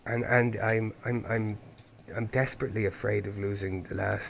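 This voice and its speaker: Low-voiced man, halting, over a phone line. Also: steady tone, vocal fry. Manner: halting, with many restarts and repeated words. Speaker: caller seeking help. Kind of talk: recounting events on a phone call. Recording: tinny phone line with faint noise.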